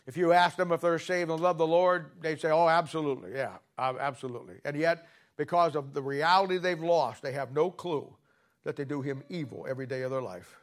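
A male preacher delivering a sermon with a slightly high voice. He talks in a folksy, conversational way, then jumps into sudden loud, animated bursts before dropping back down. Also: brisk.

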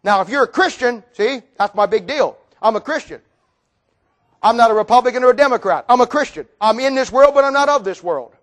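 High-voiced fiery preacher man. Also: animated, a little fast. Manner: fiery, folksy, rhetorical questions, bursts of shouting. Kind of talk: sermon.

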